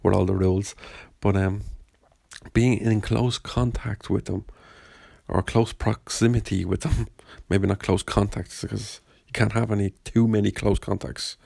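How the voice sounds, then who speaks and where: A man's voice: lowish voice, steady tone, a little slow, vocal fry, mellow, dry recording. A man hosting a podcast, chatting casually and rambling in a self-deprecating way. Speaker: podcast host. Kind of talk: casual chat.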